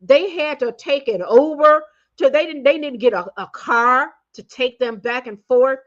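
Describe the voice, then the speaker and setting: High-voiced woman ranting in slang. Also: a little slow, dull audio. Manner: animated, swings between loud outbursts and muttered asides; slangy, meandering with many fillers and restarts. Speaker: commentary channel host. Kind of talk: casual opinion rant.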